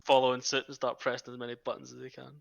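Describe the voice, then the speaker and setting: A man playing a tabletop game, excitable and swearing as he describes his moves. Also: medium pitch, rapid-fire, gravelly, no echo, lo-fi sound. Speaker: player. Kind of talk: casual tabletop role-play.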